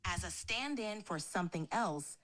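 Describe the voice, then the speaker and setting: A text-to-speech woman's voice answering as an AI chat assistant, polite, even and accommodating. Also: lowish voice, moderate pace. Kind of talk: chatbot replies, polite and scripted.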